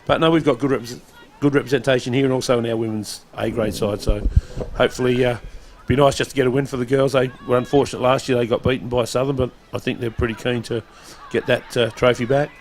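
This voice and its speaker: A man's voice: mid-range voice, steady tone, fast, few pauses, slight background noise. A man with an Australian accent, a guest commentator at a local football game, talking in a chatty, hesitant way. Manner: chatty, hesitant, many fillers. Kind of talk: casual sports commentary. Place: commentary box at an outdoor oval.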